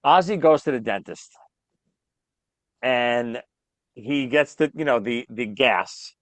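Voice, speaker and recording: A man's voice: mid-range voice, slow, no echo. A man hosting a podcast in casual chat, telling stories with lots of energy. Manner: animated storyteller, acts out quoted voices. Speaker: podcast host.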